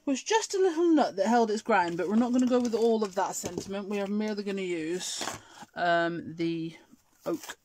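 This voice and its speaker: A woman's voice: medium pitch, expressive, moderate pace, a little mellow, slight background noise. Chatty English-accented woman hosting crafts. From Scotland. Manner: chatty, answers viewer comments while working. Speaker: craft show host. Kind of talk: live crafting demonstration.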